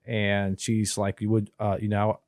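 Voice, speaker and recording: A man, his voice sitting a little low, tells a winding story with many restarts and quoted exchanges. It is casual podcast talk, recorded close and dry with no room sound. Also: monotone, a little slow, a little mellow, no echo. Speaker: guest telling a family story.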